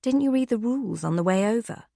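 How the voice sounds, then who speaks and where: Brief: woman playing a calm, innocent young woman, slightly lower than the narrator. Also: fast, gravelly, dry recording, clean studio sound.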